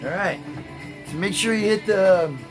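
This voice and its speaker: A man's voice: high voice, moderate pace, over music, rough recording. A man hosting a craft video, chatting to viewers in a laid-back way and dropping "man" and "you know" into his talk. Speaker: tie-dye video host. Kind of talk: casual storytelling to viewers.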